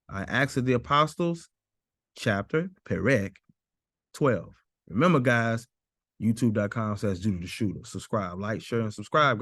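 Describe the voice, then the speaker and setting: A man teaching a Bible lesson while sharing his screen, slowly repeating and stressing Hebrew words. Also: mid-range voice, no room sound, studio quality. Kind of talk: screen-share scripture lesson.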